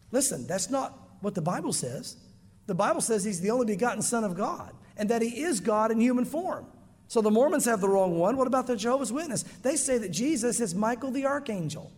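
A man preaching a sermon as pastor, emphatic and conversational, addressing his congregation directly. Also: very high-pitched. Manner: emphatic, conversational preaching with repeated "bottom line". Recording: long hall reverb.

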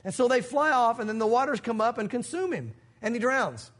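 A man's voice: extremely high pitch, lively intonation, a little fast, fairly bright tone. A man preaching a sermon as pastor, telling stories and acting out the voices of the people in them. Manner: storytelling, acting out quoted voices. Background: congregation.

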